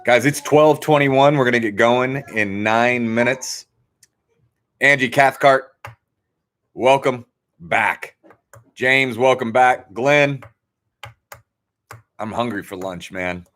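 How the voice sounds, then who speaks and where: A man's voice: medium pitch, takes it slowly, pauses often, a bit bright. A man hosting a trivia livestream from home, chatting casually and rambling from topic to topic. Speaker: trivia host.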